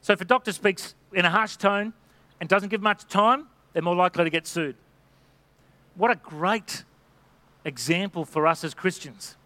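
A middle-aged man preaching in a high, bright voice that stays close and dry. He exhorts his listeners earnestly, pressing each point home, and now and then slips into the voices of people in his examples. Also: normal speed, no echo. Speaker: pastor. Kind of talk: sermon.

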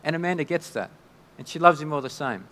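A man preaching a sermon in a conversational, halting way, often restarting his sentences. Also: on the high side, lively intonation, fairly bright tone. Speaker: pastor. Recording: long hall reverb.

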